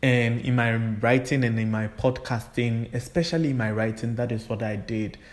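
A man hosting a solo podcast, talking in an unhurried, reflective way with frequent fillers. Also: mid-range voice, steady tone. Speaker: podcast host.

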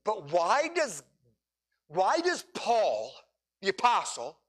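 A man preaching a sermon, leading his congregation through scripture with dramatic pauses and emphatic repetition. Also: high-pitched, wildly swooping pitch. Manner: preaching with dramatic pauses, rising to near shouts. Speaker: pastor.

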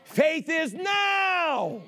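Shouting one moment and dropping to hushed asides the next, a pastor delivers a fervent sermon and urges the congregation to say amen. His very high-pitched voice is extremely slow and very animated.

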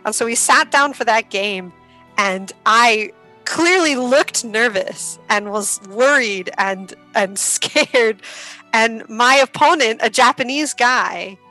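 A woman guest on a podcast, telling stories in a casual, animated way, laughing often and using lots of "like". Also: fairly high pitch, slow pace, faint music behind, poor audio. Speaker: podcast guest, karuta player.

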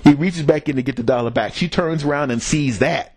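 A man's voice: a little high, a little fast, darkish tone, breathy edge, dry recording. A man hosting a podcast, telling a rambling, profane story in a casual solo monologue and chuckling at his own jokes. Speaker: podcast host.

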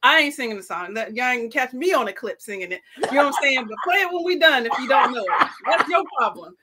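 A woman's voice: sits high, lively intonation, quick pace, noisy background. A woman on a comedy podcast panel, telling a story in a blunt, laid-back way. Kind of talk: comedic debate banter.

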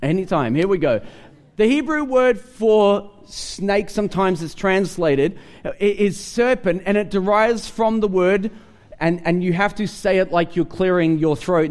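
A man preaching a sermon to a congregation, animated and humorous, often repeating words as he starts sentences. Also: sits high. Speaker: pastor.

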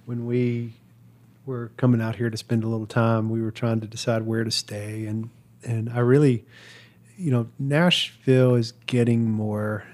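A man co-hosting a podcast conversation, telling a thoughtful story with pauses and restarts. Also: mid-range voice, level tone, a little mellow. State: father of a toddler. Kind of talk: casual conversation.

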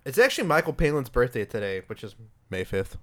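Casual podcast talker, animated pitch, teasing manner. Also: fast. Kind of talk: casual chat.

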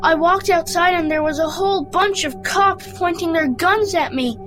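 A woman with an extremely high-pitched voice reads a short story aloud carefully at normal speed, stumbling slightly now and then. Music plays underneath.

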